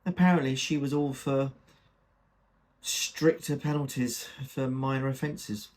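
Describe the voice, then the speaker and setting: A man's voice: medium pitch, fairly even intonation, unhurried, a little mellow. A man reading a comic dramatic monologue in the first person, with a wry, gossipy delivery. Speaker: reader.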